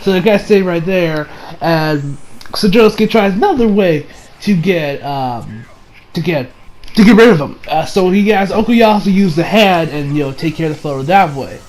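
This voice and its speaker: A man's voice: high voice, lively intonation, normal speed, darkish tone, poor audio. A man casually recapping an anime episode, rambling with many fillers and restarts. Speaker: anime reviewer.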